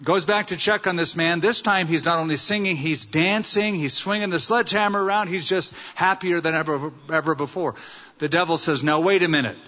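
A man's voice: sits high, brisk, sharp tone. A male pastor preaching a sermon, earnest and story-telling, using rhetorical questions. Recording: dull sound with long hall reverb.

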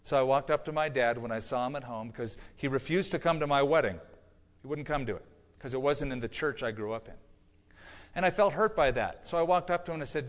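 A middle-aged man preaching a sermon as pastor, telling a personal story earnestly and moving between quiet, confiding lines and emphatic ones. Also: medium pitch, brisk. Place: church sanctuary. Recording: long church hall reverb.

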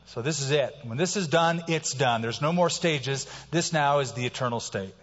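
A man's voice: medium pitch, moderate pace, few pauses. A preacher man in a long-echoing hall. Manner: swings from soft to loud emphatic preaching. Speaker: pastor. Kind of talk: sermon. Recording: reverberant hall, dull sound.

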